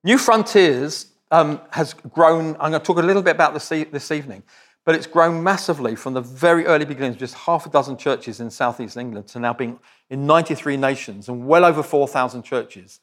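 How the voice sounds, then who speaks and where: Lively, fairly high-voiced male preacher. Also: a little fast. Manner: direct, conversational, joking asides. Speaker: visiting preacher. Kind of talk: sermon.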